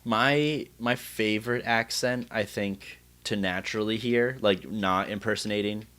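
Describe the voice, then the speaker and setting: A man hosting a laid-back conversation in a somewhat low voice. He rambles, restarting sentences as he works out his thoughts. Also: a little slow, a bit bright. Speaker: podcast host. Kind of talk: casual chat.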